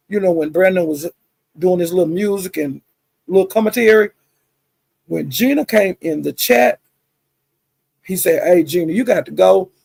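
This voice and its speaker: A woman's voice: on the low side, gravelly, a little mellow, husky, dry recording. A woman hosting a livestream, chattily retelling gossip with lots of asides and some cussing. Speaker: livestream host. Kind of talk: casual gossip storytelling.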